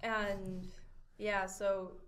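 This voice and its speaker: A woman's voice: mid-range voice, flat delivery, drawn-out words, slight background noise. A woman co-hosting a podcast, chatting casually and giggling with friends. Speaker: podcast co-host. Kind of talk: casual chat.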